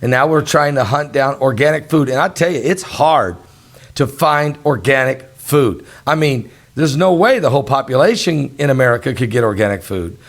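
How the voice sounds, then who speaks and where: A man's voice: mid-range voice, animated, moderate pace. A man hosting a talk show, chatting in an earnest, folksy, rambling way. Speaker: host. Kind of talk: casual talk-show chat.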